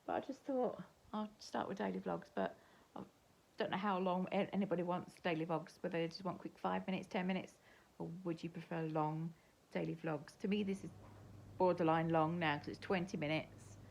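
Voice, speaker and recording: A woman's voice: on the low side, steady tone, normal speed, vocal fry, few pauses, darkish tone. An older woman with an English accent, rambling chattily to camera in a casual home vlog. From England. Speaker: vlogger. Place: at home, indoors.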